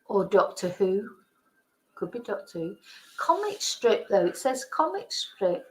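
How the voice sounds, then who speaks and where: A woman's voice: mid-range voice, big pitch swings, unhurried, a little mellow, poor audio. A woman hosting a casual live-stream quiz, chatting, laughing and thinking aloud as she reads the questions. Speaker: host.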